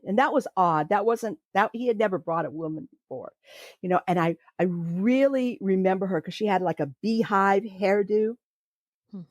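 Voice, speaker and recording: A woman's voice: fairly low pitch, dry recording, clean studio sound. An older woman telling a personal childhood story in a reflective, hesitant way, with many fillers. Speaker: storyteller recounting her childhood.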